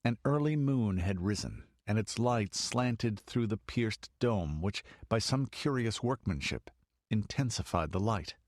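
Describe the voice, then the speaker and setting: A man with a lowish voice delivers scripted audiobook narration, calm and evenly paced as he tells the story. It's a dry, clean studio recording.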